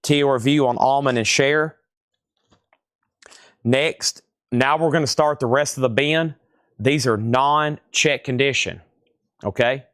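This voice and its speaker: A man's voice: medium pitch, a bit bright, clean tone, dry recording, clean studio sound. A man hosting a live online record sale, casually running through record grades and prices. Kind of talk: live online sales stream.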